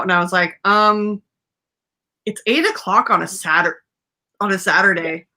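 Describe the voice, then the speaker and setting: A woman's voice: mid-range voice, normal speed, long pauses, bright, forceful tone. A young woman telling a rambling story in casual chat, full of fillers and laughter, as a podcast host.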